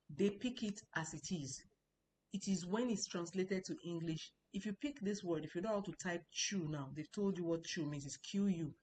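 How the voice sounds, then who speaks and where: A woman's voice: fairly low pitch, darkish tone, slight background noise, poor audio. A woman teaching a Chinese language lesson, explaining patiently and repeating key points, and stressing important words.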